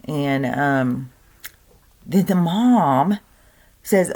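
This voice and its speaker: Low-voiced woman rambling about spirituality. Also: unhurried. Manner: rambling, earnest, many fillers. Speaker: spiritual content creator. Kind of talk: casual spiritual monologue.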